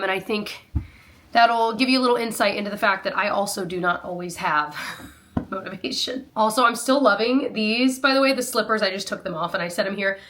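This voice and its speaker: A woman's voice: mid-range voice, pushed and bright. A woman in her thirties chatting casually to her viewers while doing chores, rambling and self-deprecating. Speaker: lifestyle vlogger.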